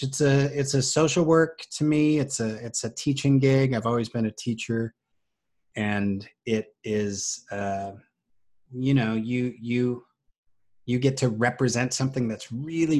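Middle-aged guy telling stories, animated, does little voices for people he quotes, even pitch for a man. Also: measured pace. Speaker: voice actor guest. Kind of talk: casual storytelling.

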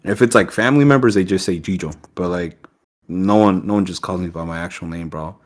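A man's voice: low-pitched, fast. A man telling a story in casual podcast chat, loose and profane with slang.

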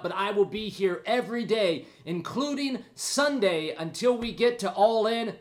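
A man hosting his own podcast alone, rambling and joking at his own expense, a bit winded. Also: high-pitched. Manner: rambling, jokey, self-mocking. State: out of breath. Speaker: podcast host. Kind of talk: casual solo podcast chat.

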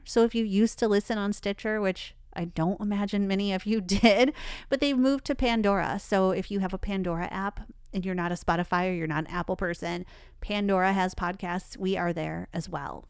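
A woman co-hosting a casual podcast, chatty and animated, laughing often as she talks with her friend. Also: medium pitch, clean tone, no echo, studio quality. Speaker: podcast co-host. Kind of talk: casual chat.

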